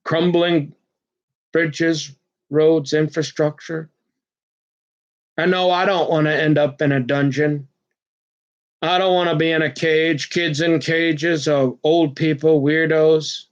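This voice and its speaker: In a muffled recording, a man with a fairly high voice delivers a rambling personal monologue, earnest and agitated, jumping between topics. His tone stays steady and his pace is slow, with frequent pauses, and he stumbles over words and restarts often.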